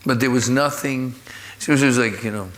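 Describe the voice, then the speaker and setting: A man's voice: medium pitch, normal speed, a bit bright. A man interviewing a friend onstage at a live talk event, searching for words and rephrasing his questions. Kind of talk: onstage conversation.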